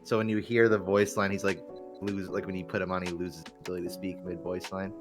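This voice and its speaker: A man's voice: deep voice, level tone, fast, over music. A man co-hosting a podcast, chatting casually about a game with a rambling, joking manner. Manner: rambling, joking, self-interrupting. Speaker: podcast co-host. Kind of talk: casual gaming chat.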